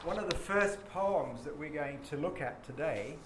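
A man's voice: on the high side, expressive, normal speed. A man giving a classroom lecture, explaining patiently and chanting rhythms aloud. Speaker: teacher. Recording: echoey classroom with background noise.

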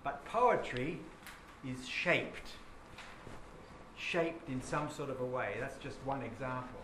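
A man's voice: medium pitch, expressive, takes it slowly, a bit bright. A man giving a classroom lecture, explaining patiently and chanting rhythms aloud. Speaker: teacher. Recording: echoey classroom with background noise.

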